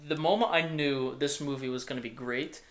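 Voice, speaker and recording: A man's voice: mid-range voice, fairly even intonation, normal speed. A young man hosts a casual movie podcast. He rambles along with plenty of ums and restarts. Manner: rambling, many fillers and restarts. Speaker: podcast host.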